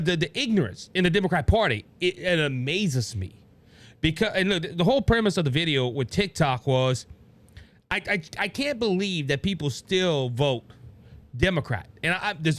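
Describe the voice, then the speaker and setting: A Cajun-accented man hosts a solo political talk show. His voice sits fairly high and swings widely in pitch. He rambles, restarts his sentences and keeps calling out to his listeners. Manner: animated and rambling, frequent restarts, addresses listeners as ladies and gentlemen. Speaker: podcast host.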